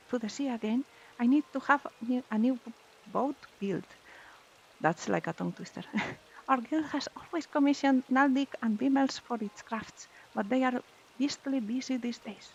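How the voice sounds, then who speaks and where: A woman voicing a small cheerful fisher from a guild in a bright, lilting read. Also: high-pitched, normal speed, dull audio, slight background noise, pitched above the performer's own voice. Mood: earnest.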